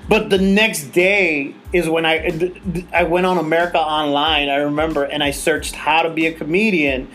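Male host, forties, casual raconteur, swears, lively quoting voices. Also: normal speed. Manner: animated, acts out quotes in a higher voice; swears freely, laughs while telling stories. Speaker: podcast host. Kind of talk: casual storytelling chat.

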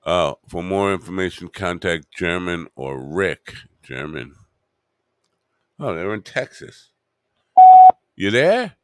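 Deep-voiced man rambling to himself. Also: slow, fairly bright tone, clean tone. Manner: rambling, mutters to himself, wry asides. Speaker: podcast host. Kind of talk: rambling solo podcast.

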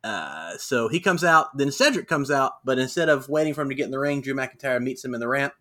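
A man co-hosts a podcast with a bright, forward tone. He recaps events in a chatty, storytelling way and acts out the quotes. His pitch sits in the middle for a man. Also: expressive, a little fast. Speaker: podcast co-host. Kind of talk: casual wrestling recap chat.

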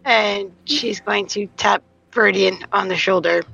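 A woman from Boston playing a tabletop game, calmly describing her character's actions. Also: mid-range voice, unhurried, vocal fry, muffled recording. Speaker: player.

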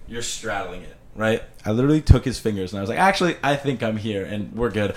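Podcast host, man in his 20s from Canada, quick, animated storyteller who swears freely. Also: on the low side.

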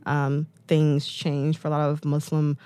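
A woman's voice: deep voice, monotone, measured pace, dark tone, clear, resonant tone, no echo. Chatty woman in her thirties telling stories. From United States. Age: 30s. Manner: chatty, many "like"s and "um"s, acts out quotes. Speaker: guest. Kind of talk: candid storytelling interview.

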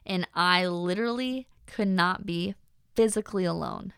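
Chatty young woman with gravelly fry. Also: fairly low pitch, normal speed, no room sound, clean studio sound. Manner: chatty, frequent fillers like "um" and "like"; faith-centered, animated asides. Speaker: podcast host. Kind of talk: casual personal monologue.

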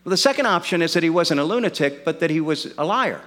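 A man's voice: fairly high pitch, animated, fast talker, fairly bright tone, in a large hall. A man preaching a sermon as pastor, earnest and repeating words as he works through an argument.

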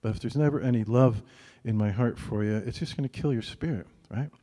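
A man preaching a sermon at an even middle pitch, talking to his listeners as if in conversation and often tossing in "right?". His voice carries a long hall reverb. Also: brisk. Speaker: pastor.

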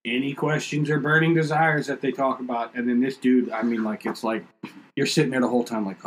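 A man's voice: medium pitch, quick pace, rough recording. A man in casual podcast chat, telling rambling, profane stories and acting out other people's lines. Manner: rambling, profane storytelling with animated quoted outbursts.

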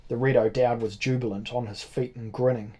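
A man narrating a first-person adventure novel in a measured way. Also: mid-range voice, steady tone, dark tone, breathy edge. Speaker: audiobook narrator. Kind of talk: scripted narration.

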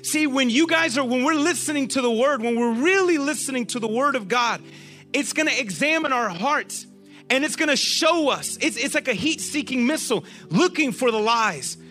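A man preaching a sermon to a group, animated and often asking them questions. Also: very high voice.

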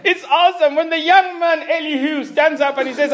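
Casting: male preacher, very high voice, sermon storytelling, chuckling. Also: brisk. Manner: animated storytelling with frequent chuckles and restarts.

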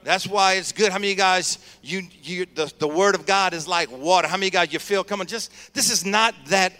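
A male pastor preaches with energy and keeps drawing call-and-response from his congregation. His voice sits high and sounds bright and forceful. The sound rings with long reverb in a church sanctuary. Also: a little fast. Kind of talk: sermon.

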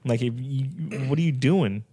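A man's voice: medium pitch, normal speed, dark tone. A man in casual conversation who gives earnest advice and makes his points with rhetorical questions. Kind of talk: casual chat.

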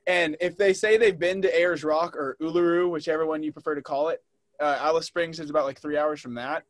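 A young man co-hosts a podcast in relaxed, chatty conversation. His voice sits a little high, and he tells stories with an easy laugh. The sound is dry and close, with no room echo. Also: a little fast. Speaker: podcast co-host. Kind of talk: casual chat.

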